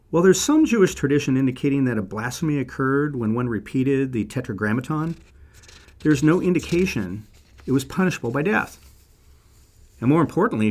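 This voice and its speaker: A man narrating a scripted lecture on biblical history, reading quotes aloud and adding wry asides. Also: mid-range voice.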